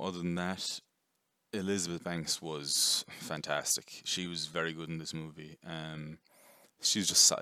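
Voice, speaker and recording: A man giving a casual, rambling movie review, chatty and quick to swear. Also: a bass voice, sharp tone, dry recording, studio quality. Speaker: film reviewer.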